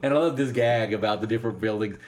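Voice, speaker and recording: A man in casual film discussion, animated, laughing often and acting out lines from scenes. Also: fairly low pitch, fast talker, slight background noise.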